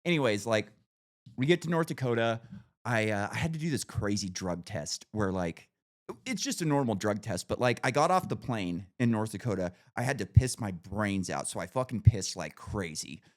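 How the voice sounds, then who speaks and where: A man hosting a podcast, telling a long profane story in casual chat with lots of animated rises. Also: lowish voice, normal speed. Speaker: podcast host.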